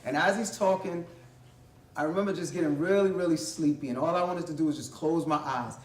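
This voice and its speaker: A guest speaker with a fairly quick, higher-pitched voice tells a vivid personal story at a college library event space. He is conversational and acts out quoted voices, recorded on a distant mic in an echoey room with faint ambience.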